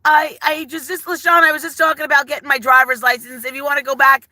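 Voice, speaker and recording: A woman's voice: high-pitched, flat delivery, fast, pushed and bright, no room sound, faint music behind, poor audio. An older woman chatting effusively on a live stream, rambling and greeting viewers as she talks. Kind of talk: casual live-stream chat.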